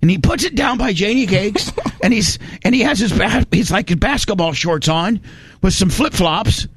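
Speaking in a high, husky, expressive voice at a moderate pace, an Indiana man on a podcast spins a long, folksy, meandering tale and performs the quoted voices of its characters. The recording is dry.

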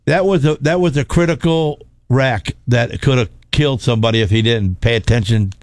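A man telling a racing crash story in casual chat, animated and repeating words as he goes. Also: mid-range voice, normal speed, no room sound. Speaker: former race car driver telling stories.

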